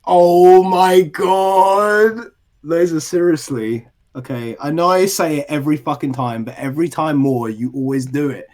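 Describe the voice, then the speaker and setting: A British man co-hosting a podcast, talking in crude, animated banter, swearing constantly and laughing often. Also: medium pitch, fairly quick, few pauses. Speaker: podcast co-host.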